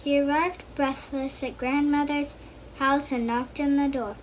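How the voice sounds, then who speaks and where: A woman reads a children's story aloud in a high voice. She makes small slips now and then as she reads. There is faint noise behind her. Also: little pitch movement, measured pace, low-quality recording.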